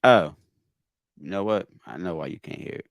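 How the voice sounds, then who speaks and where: A man hosts a podcast and reacts to a clip in casual commentary. His voice sits very low, and the sound is dry and close. He talks in an emphatic, exasperated way and keeps repeating himself. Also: lively intonation, normal speed, vocal fry, no room sound. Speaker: podcast host.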